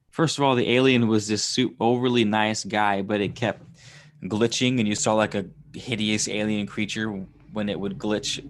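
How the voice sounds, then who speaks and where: A man's voice: lowish voice, slight background noise. Male streamer, casual and rambling, chuckles through his stories. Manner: rambling, chuckling, loose storytelling with fillers. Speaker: livestream host reading chat. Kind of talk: casual livestream chat.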